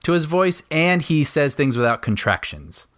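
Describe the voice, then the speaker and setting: A man co-hosting a casual movie commentary podcast, animated and quick to laugh, often trailing off mid-sentence. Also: fairly high pitch, no room sound, clean studio sound. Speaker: podcast co-host.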